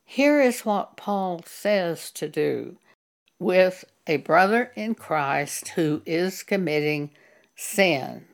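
A woman teaching from the Bible in a slow, measured way, reading scripture aloud with care. Her voice sits a little low, and she takes her time over every phrase. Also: lively intonation, vocal fry. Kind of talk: Bible teaching with a personal story.

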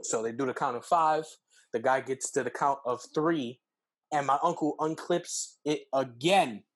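A young man, co-hosting a podcast, telling a story casually with lots of fillers and jumping up in pitch when acting out quotes. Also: measured pace. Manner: animated, acts out quotes with pitch jumps, heavy fillers. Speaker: podcast co-host.

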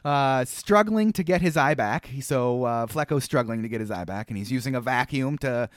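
Man, podcast co-host, casual recap chat, rambling, filler-heavy, lively pitch. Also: moderate pace, no room sound, studio quality. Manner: animated, rambling with many fillers.

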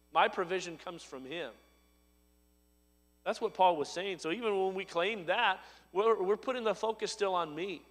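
Man, pastor, sermon, high voice, loud emphatic swells then quiet drops, long church reverb. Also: moderate pace.

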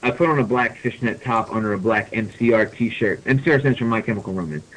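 A man's voice: lowish voice, fast talker, rough recording. A man hosting a podcast, reading a fan story aloud for comedy and often breaking into laughter. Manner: reads deadpan, breaking into laughter. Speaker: podcast host.

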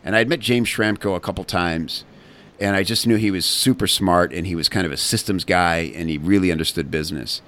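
A man's voice: low voice, a little fast, fairly bright tone. A man being interviewed as a guest, telling his story candidly with many fillers and restarts. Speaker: guest, copywriting community founder.

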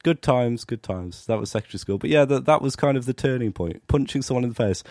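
A man's voice: medium pitch, animated, fast talker, a little mellow, no room sound, clean studio sound. A young man, telling a rambling, self-mocking story in casual chat and laughing often. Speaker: podcast guest telling a story.

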